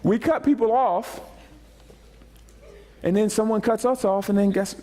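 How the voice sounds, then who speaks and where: In a church sanctuary, a male pastor gives a casual, humorous sermon. His voice is high for a man, and he speaks in quick bursts, animated and jokey, repeating phrases and calling out to the congregation.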